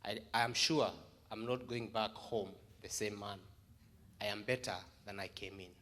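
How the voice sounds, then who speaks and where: A man's voice: fairly low pitch, steady tone, moderate pace, pushed and bright. A man from Kenya, a visiting congregational leader, giving an earnest, grateful farewell to a congregation.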